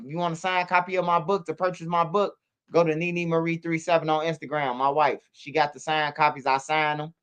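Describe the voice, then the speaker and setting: Guy streaming, high bright voice, swears a lot, keeps repeating stuff for emphasis. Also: smooth. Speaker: streamer and channel host. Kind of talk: casual livestream talk.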